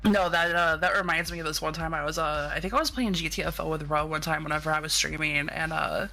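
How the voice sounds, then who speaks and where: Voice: mid-range voice, flat delivery, quick pace, creaky, sharp tone, soft background music. A streamer guest on a podcast, talking casually and at length, with many fillers, swearing, and quoted voices. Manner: rambling, uses fillers and swears, acts out quotes. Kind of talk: casual chat.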